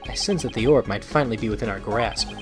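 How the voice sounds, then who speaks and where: A man's voice: fast talker, music in the background, natural voice. A man reading as a hearty treasure hunter. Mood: eager. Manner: booming, enthusiastic, calls the listener son. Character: hearty middle-aged male treasure hunter, eager and bold.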